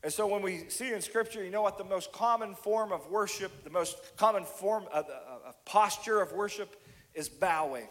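Impassioned high-voiced preacher in a hall. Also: male voice, moderate pace. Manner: impassioned, rising to near shouts then dropping to hushed tones. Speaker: pastor. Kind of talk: sermon. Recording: long hall reverb.

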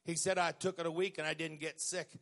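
A middle-aged man preaching a sermon, moving from quiet storytelling to loud, emphatic lines with stretched-out words. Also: on the high side, level tone, fairly quick, gravelly.

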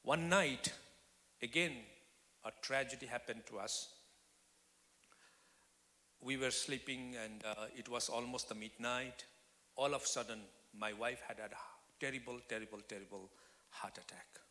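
A man giving a testimony sermon as a guest speaker, swinging from loud declarations to hushed whispers. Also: mid-range voice, a little slow, pauses often. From Nepal. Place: church hall. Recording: long reverb of a church hall.

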